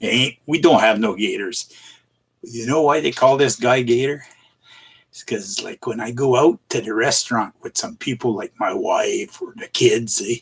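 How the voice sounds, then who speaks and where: A man's voice: medium pitch, gravelly, breathy edge. A middle-aged man hosting a casual live stream, chuckling often and tossing in "eh" as he greets viewers by name. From Canada. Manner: chuckling, folksy, halting with many "eh"s and fillers. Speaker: livestream host.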